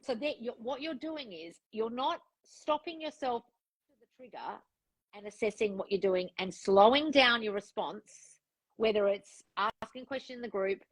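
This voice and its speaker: A woman's voice: a little high, lively intonation, normal speed, no echo, low-quality recording. Blunt, direct woman coaching one-on-one. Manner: frank, direct, gives instructions, acts out quoted thoughts. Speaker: relationship and manifestation coach.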